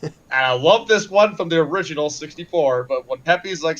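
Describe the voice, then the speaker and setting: Lively laughing man co-hosting a stream. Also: on the high side, fairly quick, highs cut off. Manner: animated, laughs a lot, acts out quotes. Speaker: stream co-host. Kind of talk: casual live-stream chat.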